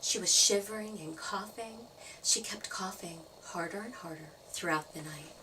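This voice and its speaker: A woman storyteller reading a children's story aloud, playful and expressive. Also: medium pitch, moderate pace, recorded from a distance, slight background noise, low-quality recording. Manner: expressive, playful sound effects.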